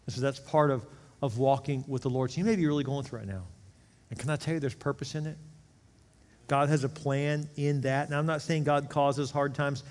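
A man preaching a sermon as pastor, animated, swinging between loud emphasis and hushed intensity. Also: mid-range voice, a little fast. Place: church sanctuary. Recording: reverberant hall.

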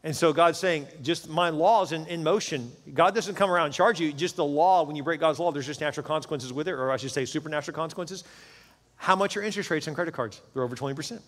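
A man's voice: a little high, fast talker, a bit bright. Man, pastor, chatty joking sermon, reverberant hall. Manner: conversational, joking storyteller.

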